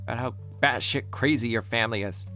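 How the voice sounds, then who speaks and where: A pushy young man in a horror game speaks in a raised, urgent voice, put on by a male streamer. He presses hard and talks faster when he is excited. Faint music plays behind him. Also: medium pitch. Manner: urgent, pleading.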